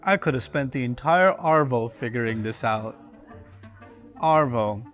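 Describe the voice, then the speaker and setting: A man's voice: mid-range voice, lively intonation, a little slow, a bit bright, soft background music. A man casually and playfully guessing the meaning of slang words, thinking aloud and joking at his own guesses. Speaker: speaker reacting to slang list. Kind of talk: casual comedic monologue.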